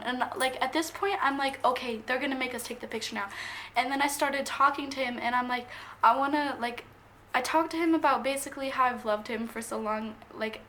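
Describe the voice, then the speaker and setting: A young woman speaks in a high voice, gushing as she tells a story to her camera. Her telling rambles and jumps quickly from one thought to the next. A faint noise hums behind her. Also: a bit bright. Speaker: vlogger.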